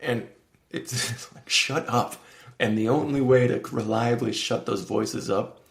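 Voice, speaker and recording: Earnest gravelly-voiced man in an echoey room. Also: medium pitch, a little slow. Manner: earnest, animated, acts out his inner voice in raised tones. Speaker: podcast guest. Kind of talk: candid conversational interview.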